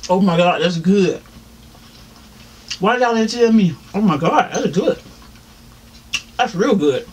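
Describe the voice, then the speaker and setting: A man's voice: high-pitched, animated, slow, slight background noise. A man with a Southern US accent, chatting casually to viewers while eating on camera, laughing often and saying "y'all". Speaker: mukbang vlogger. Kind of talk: casual eating-show chat.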